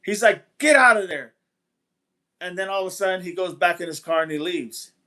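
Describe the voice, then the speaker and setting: High-voiced man rambling on a livestream. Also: steady tone, quick pace, fairly bright tone. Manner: rambling, repeats himself, retells events. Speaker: livestream host. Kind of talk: casual live-stream talk, reading chat.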